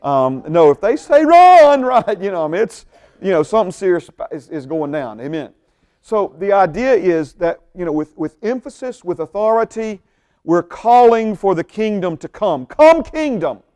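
A man's voice: high-pitched, expressive, moderate pace, warm tone, clean tone. A man preaching a sermon as pastor, emphatic, often repeating words and checking in with the congregation. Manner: emphatic, repeats words, asks the audience questions.

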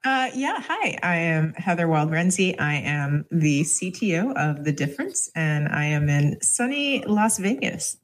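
Woman guest, low voice, very lively pitch, casual intro. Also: measured pace, few pauses. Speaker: podcast guest.

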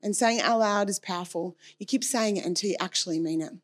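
A woman's voice: medium pitch, quick pace. Earnest woman preaching a personal sermon.

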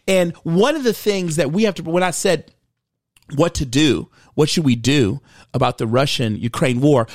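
A man's voice: on the high side, moderate pace, no room sound, clean studio sound. A man hosting a commentary show, giving an earnest, emphatic political monologue and stumbling over repeated words as he restarts a thought.

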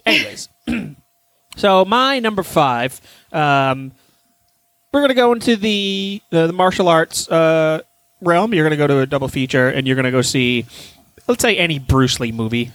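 A podcast host chats casually, rambling and swearing freely through an animated story. His voice is on the high side and moderately paced, with no room sound.

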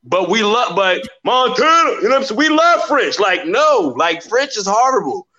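A man co-hosting a podcast in casual chat, animated and playful, acting out little quotes as he talks. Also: sits high, normal speed, highs cut off. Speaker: podcast co-host.

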